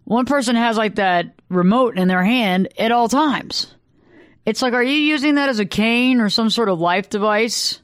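A woman, a couples therapist, talking casually and acting out quoted arguments in sudden high bursts. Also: moderate pace, dry recording, studio quality. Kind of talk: casual solo monologue.

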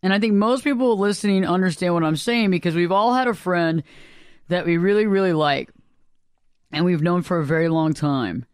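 A man with a notably high voice hosts a spiritual talk show, speaking earnestly and looping back over his points. The sound is close and dry, with no room around it. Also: normal speed, smooth, no echo. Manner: earnest, rambling, repeats himself.

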